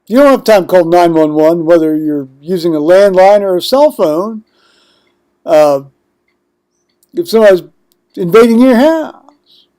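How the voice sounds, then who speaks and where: A man's voice: sits high, lively intonation, measured pace, pauses often, warm tone, smooth. An older man vlogging at home in a rambling monologue, digressing often with blunt, profane asides.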